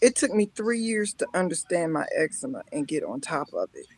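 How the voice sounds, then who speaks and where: A woman guest on a live-streamed talk show, telling lively personal stories with frequent laughter and mock-scolding asides. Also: sits low, brisk, no echo, low-quality recording. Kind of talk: emotional casual talk-show chat.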